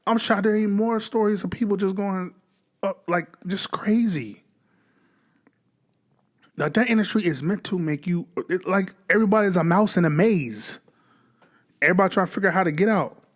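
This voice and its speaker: A man's voice: high voice, normal speed, long pauses. A man giving casual, slangy reaction commentary, swearing often and sounding incredulous. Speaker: reaction streamer.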